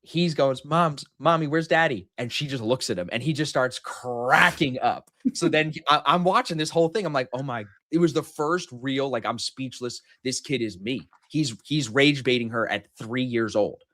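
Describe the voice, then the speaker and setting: A man's voice: medium pitch, moderate pace, few pauses, sharp tone, no echo, studio quality. A man in his thirties hosting a live trading stream, brash and joking, swearing freely in casual chat.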